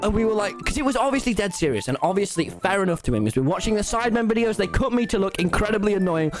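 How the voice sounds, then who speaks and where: A man's voice: sits high, quick pace, soft background music. Young man, streamer storytime, swearing, laughing, swooping intonation. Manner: animated, profane, laughing storyteller. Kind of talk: casual storytime on a live stream.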